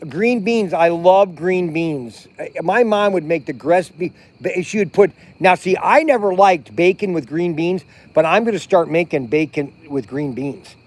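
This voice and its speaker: Chatty middle-aged man, high voice. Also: unhurried, hardly any pauses. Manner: rambling, chatty, many restarts and fillers. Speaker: vlog host. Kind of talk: casual livestream chat. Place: outdoors at a campground by a fire at night.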